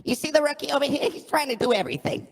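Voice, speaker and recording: A man voicing a loud, brash male hype-man who mocks a rookie and teases the crowd. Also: very high-pitched, creaky, in a large hall, pitched above the performer's own voice. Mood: mocking. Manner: teasing, fast, mocking.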